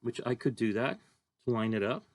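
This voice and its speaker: A man's voice: mid-range voice, lively intonation, normal speed, no echo. A man teaching a drawing lesson, talking casually and thinking aloud as he draws. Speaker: art teacher.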